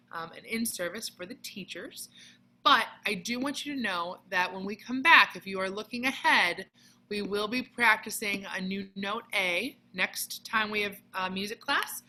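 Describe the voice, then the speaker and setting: Bright-voiced woman teaching a music lesson. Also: medium pitch, a little hiss or hum, low-quality recording. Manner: patient, clear step-by-step explaining with sung demonstrations. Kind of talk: recorded online music lesson for children.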